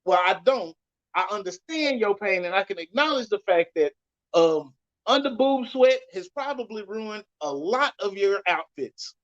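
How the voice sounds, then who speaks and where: A man hosting a podcast, giving a loud, blunt, cursing rant with sudden jumps in pitch. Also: animated, normal speed. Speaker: podcast host. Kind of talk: profane ranting monologue. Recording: dull lo-fi sound.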